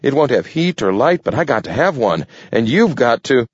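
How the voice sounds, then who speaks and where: A man voicing a fretful male raccoon on the run, talking fast and pleading in a raised voice. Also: big pitch swings, slightly rough, no room sound. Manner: fast, pleading, rising pitch. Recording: dull lo-fi dry recording.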